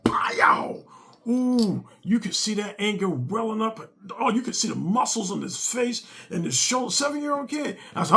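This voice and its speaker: Brief: father doing a comic storytelling monologue, high-set, gravelly voice, animated delivery. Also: moderate pace. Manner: animated, acts out both sides of the dialogue.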